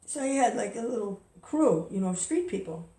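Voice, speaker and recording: A woman's voice: medium pitch, lively intonation, a little fast, mellow. Woman chanting and musing, roomy distant sound. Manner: rambling, chuckling, chants between thoughts. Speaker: devotee sharing reflections. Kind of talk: casual spoken reflection with chanting.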